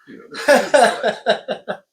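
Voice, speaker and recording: A young man chatting casually as a co-host, animated and thinking aloud with restarts. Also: extremely high pitch, drawn-out words, low-quality recording. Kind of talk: casual chat.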